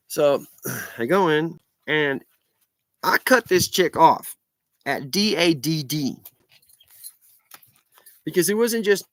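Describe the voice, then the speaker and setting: A man's voice: mid-range voice, expressive, measured pace, pauses often, fairly bright tone, no echo. A middle-aged man telling a story in a blunt, sweary, sarcastic rant to his vlog audience. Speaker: vlogger. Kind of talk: profane ranting storytelling.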